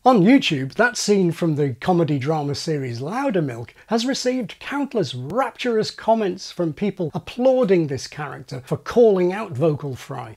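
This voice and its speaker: A fairly high, husky male voice that moves lively up and down. He explains things with dry, wry asides, like an educational video host. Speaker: channel host explaining speech.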